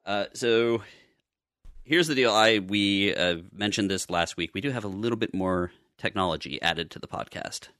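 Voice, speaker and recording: A man's voice: fairly low pitch, normal speed, fairly bright tone, no echo, studio quality. A man co-hosting a podcast in casual chat, rambling with chuckling asides. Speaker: podcast co-host.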